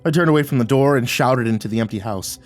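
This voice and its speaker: A man narrating a first-person horror story in a dramatic way, at times rising to near-shouts. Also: medium pitch, fast talker. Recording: faint music underneath.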